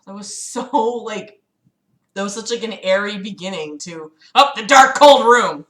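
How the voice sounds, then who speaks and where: A woman reads a book aloud on her livestream, then cuts in with exasperated, sarcastic asides and plenty of swearing. Her voice is bright and forceful, and the room around her rings with echo. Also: mid-range voice, expressive, normal speed. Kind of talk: dramatic reading with mocking commentary. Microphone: streaming mic.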